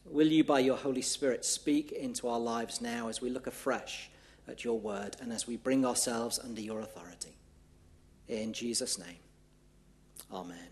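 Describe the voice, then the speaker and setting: A man's voice: medium pitch, moderate pace, husky. A man from northwest England near Liverpool, with a Merseyside accent, preaching a sermon as a church minister in an easy, conversational way. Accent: northwest English, Merseyside.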